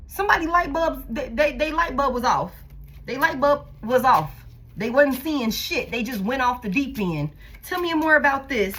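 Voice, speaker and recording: A woman's voice: high voice, lively intonation, normal speed, a bit bright, slight background noise. A woman giving a casual tarot reading, blunt and profane, repeating herself for emphasis. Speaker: tarot reader.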